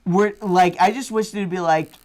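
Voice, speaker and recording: Podcast guest: a man with a high voice who rants and swears freely. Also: fairly even intonation, moderate pace, a little mellow. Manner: profane, ranting. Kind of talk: casual chat.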